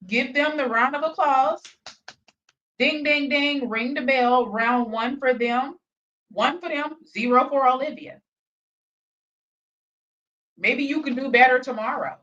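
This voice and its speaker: A woman's voice: high voice, slow pace, long pauses, a bit bright, distant mic, lo-fi sound. A woman hosting a reaction channel from her home office, sassy and mocking, talking straight to her viewers. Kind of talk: casual reaction commentary.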